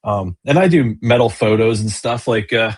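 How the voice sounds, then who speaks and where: Husky low-voiced man telling rambling stories. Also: normal speed. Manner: rambling storyteller with many fillers and restarts. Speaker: business owner and kayak angler, guest. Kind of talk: casual interview chat.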